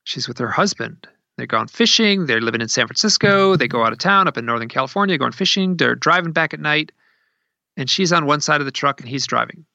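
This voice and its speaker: A man telling a story in a conversational way, animated and acting out what people said, recorded at his desk. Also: on the high side, fairly quick, vocal fry, no room sound, highs cut off. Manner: animated, acts out quoted speech in a raised voice.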